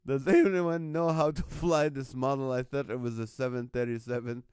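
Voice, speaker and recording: A man's voice: medium pitch, steady tone, normal speed, a little mellow, clear, resonant tone, dry recording, studio quality. A man hosting a live stream, reading out viewers' jokes and laughing often between lines. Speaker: host.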